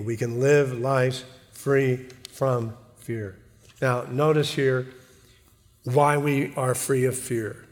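A man's voice: mid-range voice, flat delivery, slow. Man preaching a sermon, earnest, stumbles and repeats words, big echoey hall. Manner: earnest, repeats words, asks congregation "amen?". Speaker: pastor. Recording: long hall reverb.

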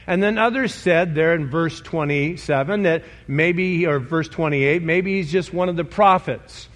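Male pastor, sermon delivery, slightly high voice, emphatic, conversational. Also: unhurried, a bit bright. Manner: emphatic, conversational, questions the congregation.

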